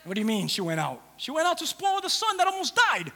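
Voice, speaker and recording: A man's voice: extremely high pitch, huge pitch swings, fast, vocal fry, bright, forceful tone, slight background noise. A man preaching a sermon, retelling a scripture story with humor and acting out the characters. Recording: long hall reverb.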